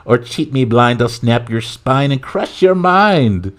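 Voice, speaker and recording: A man voicing a greedy, menacing little male leprechaun with a thick Irish accent, slowly chanting rhymes. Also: medium pitch, expressive, voice pushed up. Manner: slow sing-song rhyming threats. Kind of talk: comic impression in a podcast skit.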